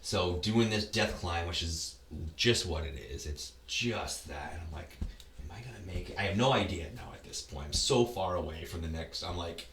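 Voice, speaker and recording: A man's voice: low voice, moderate pace, few pauses, fairly bright tone, echoey room, distant mic, slight background noise. A man talking as a podcast guest in casual conversation, rambling and often restarting his words. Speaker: podcast guest, ultra race runner.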